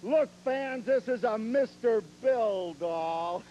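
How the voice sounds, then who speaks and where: A man's voice: extremely high pitch, animated, takes it slowly, dark tone, a little hiss or hum, poor audio. A man cutting a boastful wrestling promo, cocky and mocking, laughing at his own jokes.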